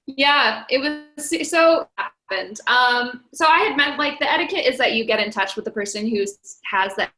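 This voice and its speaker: Young woman guest, bright voice, chatty storyteller, lots of fillers. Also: a little high, lively intonation, normal speed, hardly any pauses, low-quality recording. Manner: chatty, laughing often, lots of "like". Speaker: podcast guest, record-setting hiker. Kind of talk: casual podcast interview.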